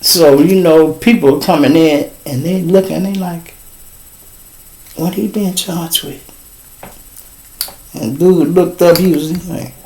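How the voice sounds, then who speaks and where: A man's voice: fairly high pitch, vocal fry, a little hiss or hum. A middle-aged man with a Chicago accent, hosting a podcast and telling a casual street story, calling out to listeners. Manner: animated street storytelling, addresses listeners as y'all. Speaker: podcast host.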